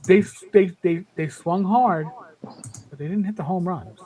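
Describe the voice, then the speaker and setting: A man in his fifties talks on a panel podcast in a casual, emphatic and rambling way, with many restarts. His voice is high and a little slow, with a crowd in the background and low recording quality.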